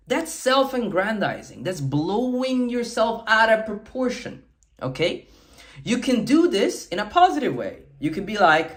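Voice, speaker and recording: A man's voice: high voice, very animated, a little slow, fairly bright tone. Emphatic male dating coach. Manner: emphatic, repeats "okay?" often; acts out sample lines in varied tones. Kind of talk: talking-head coaching video.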